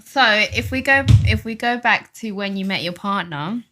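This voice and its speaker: A woman's voice: mid-range voice, moderate pace, pushed and bright, soft background music. A woman host of a casual interview, asking questions and teasing playfully. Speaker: podcast host.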